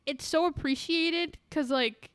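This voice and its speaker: A woman's voice: high voice, a little slow, no room sound, clean studio sound. A young woman co-hosting a casual podcast, talking in a gushing, rambling way with casual swearing. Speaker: podcast co-host. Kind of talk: casual chat.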